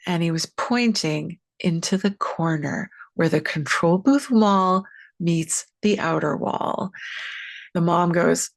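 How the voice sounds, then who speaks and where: A woman telling a personal ghost story as a guest, lively and expressive, acting out the quoted lines. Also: on the low side, takes it slowly, gravelly.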